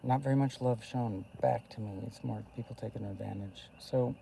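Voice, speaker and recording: Gravelly young man rambling in a car. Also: mid-range voice, normal speed, a little hiss or hum. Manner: excitable, jumps between topics, swings from loud to murmured. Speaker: vlogger. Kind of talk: rambling casual monologue. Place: inside a car.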